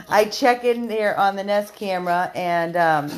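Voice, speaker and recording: A woman who runs a dog rescue chats casually on a live video, speaking slowly in a medium-pitched voice and turning to talk to her dogs between thoughts. She's chatty, repeats words, and addresses both viewers and dogs. The noisy home recording was made indoors at the rescue house, with dogs barking.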